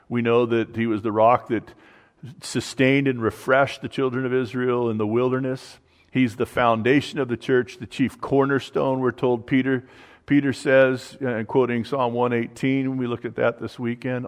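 Guy preaching a sermon, talks casual then goes soft on the prayers, long echo like a big church. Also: medium pitch. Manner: conversational preaching, dropping to soft quoted prayers. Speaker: pastor. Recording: long hall reverb.

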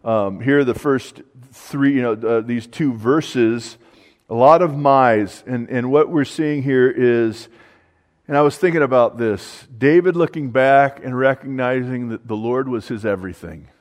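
A man's voice: medium pitch, unhurried. A man preaching a conversational sermon on a psalm, dropping his voice for the quoted prayers. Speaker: pastor. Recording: long hall reverb.

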